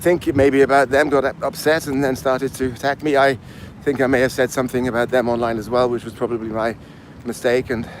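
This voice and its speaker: This is a casual live stream chat from a fifty-something man from England with a mixed English accent, who is breathless while walking uphill outdoors. His mid-range voice keeps a level tone and a brisk pace with few pauses. He rambles and responds aloud to chat comments, and there is slight background noise.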